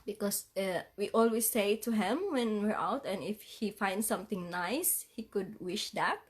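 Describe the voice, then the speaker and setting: A tearful woman talks straight to her viewers, her voice unsteady from crying. She speaks in halting phrases, apologizing again and again and half-laughing through the tears. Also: mid-range voice, breathy edge. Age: adult parent. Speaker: vlogger. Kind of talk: emotional livestream vlog.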